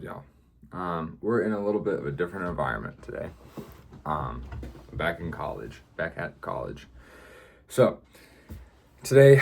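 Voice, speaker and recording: A man's voice: sits low, gravelly, a little hiss or hum. A young man in his student years, talking casually to camera, rambling with lots of fillers. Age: young adult. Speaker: vlogger.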